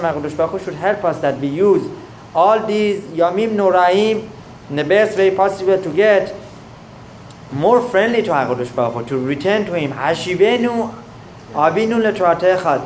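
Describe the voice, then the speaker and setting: A male rabbi delivers a sermon through a story, pausing and restarting often. His voice sits a little high for a man. The recording carries a roomy echo. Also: a little hiss or hum. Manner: halting, many fillers and restarts.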